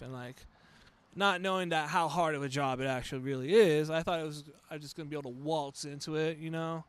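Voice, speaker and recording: Smooth-voiced, laid-back comic man. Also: fairly high pitch, steady tone, brisk, fairly bright tone, no echo. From Los Angeles. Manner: laid-back, rambling, playful voice bits. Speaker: standup comic guest. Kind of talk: casual chat.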